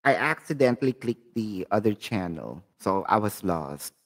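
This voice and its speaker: A man's voice: on the low side, big pitch swings, normal speed. A man with a Filipino accent hosting a live tarot reading, speaking chatty and direct to his viewers. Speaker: tarot reader and channel host.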